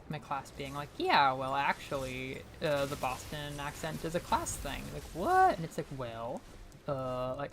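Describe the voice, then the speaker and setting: Young female streamer from New England, deep-toned for a woman, rambling casual commentary with a faint hiss behind her. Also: fairly bright tone. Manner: chatty, rambling, heavy on fillers and frequent laughs.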